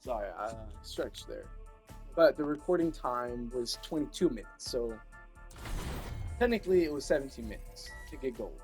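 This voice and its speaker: Young male gamer, excitable casual commentary, mid-pitched voice, faint music behind. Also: moderate pace, rough recording. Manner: chatty, excitable, playful asides. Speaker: gaming channel host.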